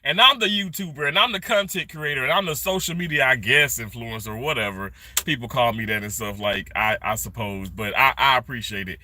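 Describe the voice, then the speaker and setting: A middle-aged man chatting casually on a live stream, greeting viewers by name and rambling warmly. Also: medium pitch, fairly quick, few pauses. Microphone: phone held vertically.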